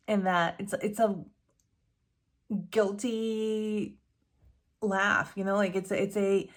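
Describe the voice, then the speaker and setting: A woman budgeting vlogger talking casually to camera, candid and rambling with fillers, self-corrections, nervous laughs and sighs. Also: mid-range voice.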